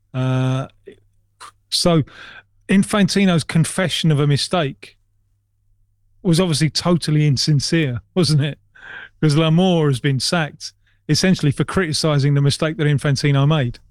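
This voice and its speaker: Male radio football pundit, higher pitch, wry understated delivery, dry sound. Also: a little slow, long pauses, no echo. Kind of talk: casual radio chat.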